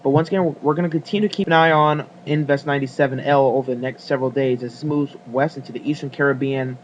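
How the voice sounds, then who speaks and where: A man's voice: mid-range voice, fairly even intonation, fast, muffled recording, slight background noise. A man giving a casual weather forecast video, rambling with fillers and apologies as he works the screen.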